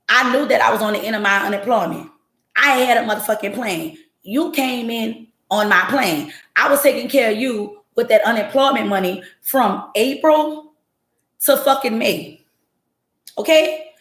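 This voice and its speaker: On the high side and fairly bright, her voice moves at normal speed and sounds reverberant. She's a podcast host using a home livestream setup, talking to her chat and telling her story bluntly with profanity.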